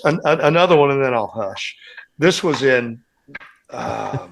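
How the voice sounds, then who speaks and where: A man's voice: mid-range voice, expressive, measured pace, vocal fry. A man on a casual podcast, telling long, rambling band anecdotes as a guest musician and acting out what others said.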